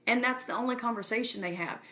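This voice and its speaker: A woman's voice: fairly high pitch, fast talker, sharp tone. A woman speaking casually and earnestly to her viewers, encouraging them directly. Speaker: speaker addressing her community. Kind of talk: casual live-stream address.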